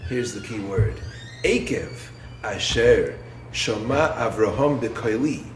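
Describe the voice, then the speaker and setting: A man, a rabbi, giving a Torah lecture in an expressive way, posing rhetorical questions and swinging from low, quiet phrases to raised ones. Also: slow pace. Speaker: rabbi and yeshiva head. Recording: roomy echo with faint background noise.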